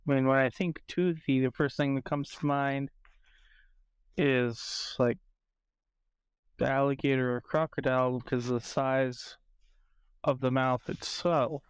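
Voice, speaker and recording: A man's voice: medium pitch, fairly even intonation, measured pace, long pauses, clear, resonant tone, no room sound. A man playing trivia, hesitant and reasoning out his guesses aloud. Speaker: trivia contestant. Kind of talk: casual podcast chat.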